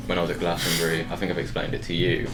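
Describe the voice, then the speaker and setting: A man's voice: low-pitched, monotone, rapid-fire. A young man with telling a laid-back story in a casual podcast chat, laughing now and then. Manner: laid-back, laughs through his stories. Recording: music playing behind.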